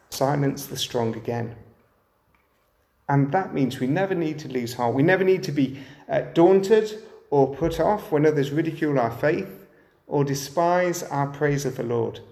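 Man, sermon, fairly high voice, echoey room, rhetorical questions. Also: creaky, a little mellow. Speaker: preacher.

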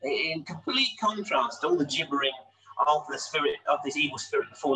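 A man's voice: fairly high pitch, animated, brisk, pushed and bright, recorded from a distance, poor audio. A man preaching a sermon, explaining a scripture passage with frequent rhetorical tag questions. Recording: voice a little off-mic, faint hum.

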